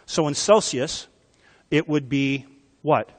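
A man preaching with an animated, teaching manner, tossing questions out to the room. His voice sits a little high for a man. A long hall reverb trails each phrase. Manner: animated teaching with quick asides and questions to the crowd. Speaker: pastor. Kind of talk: sermon.

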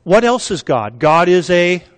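A man's voice: sits high, big pitch swings, measured pace. A man preaching a sermon, leading the congregation in call-and-response and asking them to repeat key words. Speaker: pastor. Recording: long hall reverb.

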